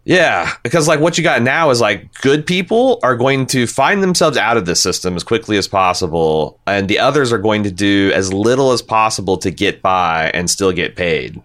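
A man's voice: lowish voice, animated, moderate pace, few pauses, a bit bright. A man hosting a podcast, talking casually and bluntly, swearing freely as he reads listener comments and gives his opinions. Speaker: podcast host.

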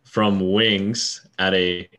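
Tired, deep-voiced male podcast co-host. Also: level tone, extremely slow, fairly bright tone. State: tired and yawning. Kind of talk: casual chat.

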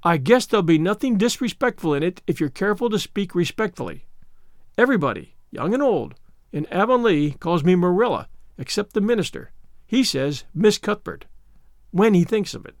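A man's voice: sits high, sing-song, no echo, studio quality. A man voicing a strict middle-aged spinster in an audiobook, curt and disapproving. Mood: stern. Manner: curt, disapproving, slow and firm. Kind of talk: audiobook character voice.

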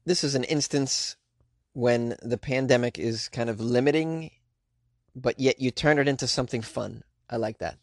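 A man's voice: mid-range voice, moderate pace, darkish tone. A man hosting a comedy news podcast, chatting casually with slangy asides and frequent laughs.

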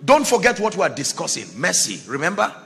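A man preaching a sermon as pastor, dramatic, dropping to a hush and rising to shouts, acting out the people in his stories. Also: sits high, very animated, fast talker, vocal fry. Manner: acts out Bible characters in quoted dialogue.

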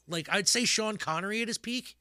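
Bright-voiced rambling man chatting about films. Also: high-pitched, no room sound, clean studio sound. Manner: rambling, animated, laughs often, trails off into restarts. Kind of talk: casual chat about movies.

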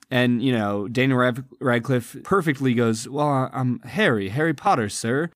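A podcast co-host with a mid-range voice earnestly discusses a film and its performances in a casual review chat, sounding admiring throughout. The recording is studio quality with no echo.

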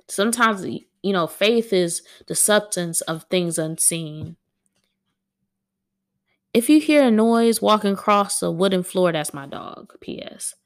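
Gravelly-voiced woman poet reading at home. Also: fairly low pitch. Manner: dramatic, laughs at herself, talks straight to listeners. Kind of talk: reading her own poems and chatting. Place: at home with a dog on a wooden floor.

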